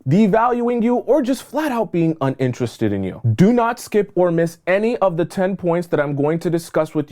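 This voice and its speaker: A man giving dating advice straight to camera, emphatic and acting out little scenes by playing both sides. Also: darkish tone. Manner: emphatic, acts out both sides of little scenes with squeaky high voices for the woman. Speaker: dating coach. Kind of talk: direct-to-camera advice monologue.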